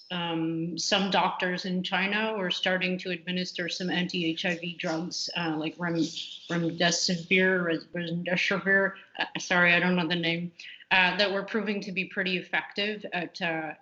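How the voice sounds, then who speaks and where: A computational biologist answers interview questions casually and candidly, with frequent fillers and restarts. She has a lowish voice with a sharp tone. The audio is muffled and lo-fi, captured in a roomy space.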